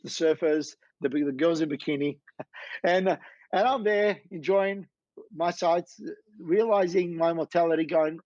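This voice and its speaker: A man recounts his story as an interview guest, animated and acting out what people said. His voice sits a little high. The recording is dull and lo-fi with a dry, close feel. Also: no room sound. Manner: animated, acts out quoted dialogue. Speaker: guest, business founder.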